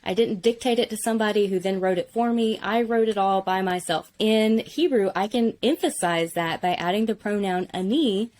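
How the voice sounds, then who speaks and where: A woman teaching Biblical Hebrew in a relaxed conversational way, enthusiastic and explanatory, often saying "like". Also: medium pitch, normal speed, few pauses.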